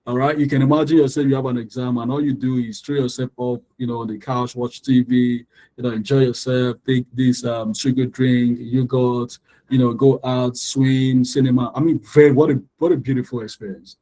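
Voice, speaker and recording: Mellow-voiced male English tutor drilling stress. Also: medium pitch, level tone, fairly quick, poor audio. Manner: preachy, repeats words to drill stress patterns. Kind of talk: online pronunciation lesson.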